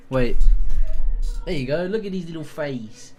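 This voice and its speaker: A young man talks at an unhurried, drawn-out pace in a middle pitch, casual and chatty. He swears freely and coos over his dog. A faint hiss sits under his voice. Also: lively intonation, a little mellow. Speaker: gaming stream co-host. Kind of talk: casual stream chat. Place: home room.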